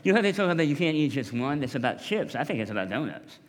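Animated pastor preaching in a hall. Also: male voice, on the high side, quick pace. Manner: humorous, conversational, addresses the congregation directly. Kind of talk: sermon.

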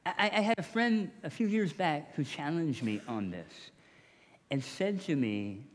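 Pastor preaching in a reverberant hall. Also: male voice, on the high side, unhurried. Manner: animated, conversational preaching with acted-out quotes. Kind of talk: sermon. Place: church sanctuary. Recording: long reverb of a church hall.

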